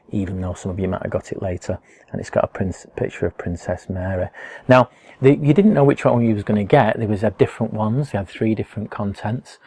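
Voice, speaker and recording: A man's voice: on the low side, vocal fry, dark tone, a little hiss or hum. A man, explaining things to schoolchildren in a friendly, chatty way with lots of fillers. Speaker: educator presenting a school topic box.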